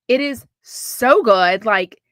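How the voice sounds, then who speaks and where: A Texas woman with a Southern accent hosts a podcast, gossiping openly and casually, swearing now and then, and replying to live comments in lively asides. Her voice sits a little high, she speaks slowly, and there's no room sound.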